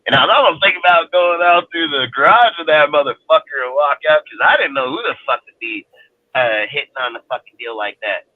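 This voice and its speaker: A man's voice: on the high side, lively intonation, brisk, no echo. A man from Northern California telling a personal story as a roundtable panelist, blunt and heavy on swearing, with "dude" in nearly every line. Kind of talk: casual storytelling. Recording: tinny phone-line audio.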